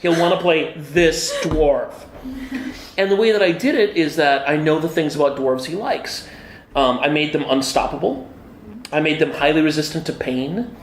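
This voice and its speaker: In a busy convention hall, a middle-aged game designer chats eagerly in a casual interview. He's an enthusiastic, animated storyteller with many fillers, his fairly high voice at a moderate pace, the echoey hall adding faint ambience and slight background noise.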